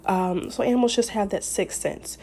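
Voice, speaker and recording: Woman podcast host, relaxed mellow tone, chatty and rambling. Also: medium pitch, normal speed, a little hiss or hum. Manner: chatty, rambling, many fillers and restarts. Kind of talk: casual advice talk.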